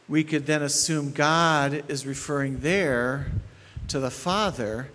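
A man's voice: a little high, slow pace, fairly bright tone, long reverb tail. A man preaching an expository sermon as pastor, emphatic, repeating key phrases and checking in with his listeners.

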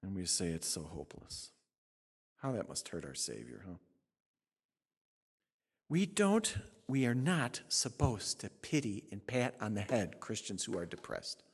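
A man's voice: fairly low pitch, very animated, a little slow, husky. Fiery male preacher in a reverberant hall. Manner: swings from shouting to hushed, dramatic preaching. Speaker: pastor. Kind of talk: sermon.

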